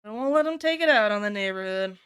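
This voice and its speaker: Young woman streamer from the US, clear bright voice, animated and swears a lot, shoots up in pitch for quotes. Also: racing. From United States. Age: young adult. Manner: animated, swears freely, high-pitched when quoting others. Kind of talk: casual chat while working on stream.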